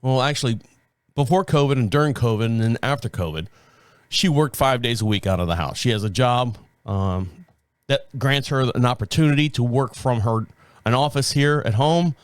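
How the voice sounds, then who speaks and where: A man's voice: mid-range voice, moderate pace, smooth, no room sound. A man in his fifties hosting his own show, telling stories in a rambling, casual way and often correcting himself mid-sentence. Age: 50s. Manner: rambling, self-correcting storytelling. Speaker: podcast host. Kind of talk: casual solo talk.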